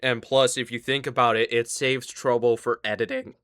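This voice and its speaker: Bright, crisp-voiced southern podcast host. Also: male voice, medium pitch, flat delivery, moderate pace, no echo, studio quality. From American South. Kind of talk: casual podcast chat.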